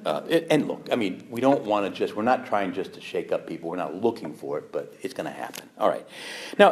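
A man, a priest, teaching fellow preachers in a lively storytelling way, acting out quoted voices and laughing along. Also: fairly low pitch. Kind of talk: teaching talk to clergy with anecdotes.

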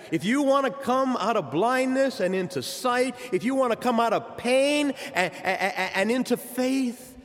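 A man's voice: extremely high pitch, measured pace, hardly any pauses. A man preaching a sermon, addressing the congregation directly with impassioned delivery. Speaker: pastor. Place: church sanctuary. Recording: long church reverb.

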